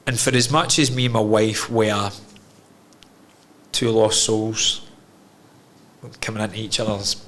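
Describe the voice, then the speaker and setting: A man's voice: fairly low pitch, steady tone, unhurried, pauses often, fairly bright tone. A man, a podcast guest telling his own story candidly, frank and emotional, swearing freely.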